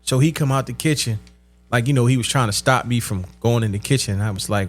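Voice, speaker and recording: A man telling crude, profane comedy stories in street slang, with a drawn-out delivery, often breaking into laughter. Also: medium pitch. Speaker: stand-up comedian. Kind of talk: comedic storytelling.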